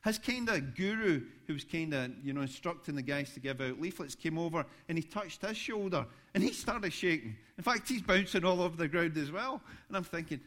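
A man's voice: on the high side, fairly quick, hardly any pauses. A man, a pastor preaching a sermon, telling stories with rising animation. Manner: storytelling, animated when recounting events.

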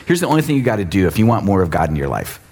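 A man in his sixties preaching a sermon in a casual, animated way, acting out quotes. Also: sits low, racing, slightly rough. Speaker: pastor.

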